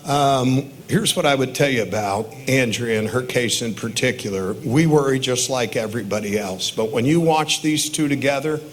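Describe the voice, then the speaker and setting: A man's voice: mid-range voice, a bit bright. A man in his sixties, father of the bride, giving a wedding toast full of stories and chuckling at his own anecdotes. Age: 60s. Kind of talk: wedding reception speech.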